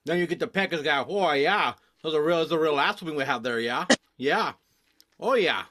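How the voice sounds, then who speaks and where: A man's voice: fairly high pitch, moderate pace, sharp tone, no room sound, studio quality. A man hosting a podcast, casual profane banter and frequent joking. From Michigan. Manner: profane, joking, laughs often. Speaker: podcast host.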